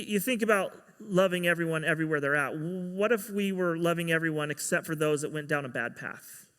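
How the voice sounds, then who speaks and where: A man's voice: on the high side, a bit bright, long reverb tail. A man giving a sermon as pastor, telling a story and acting out the quoted dialogue.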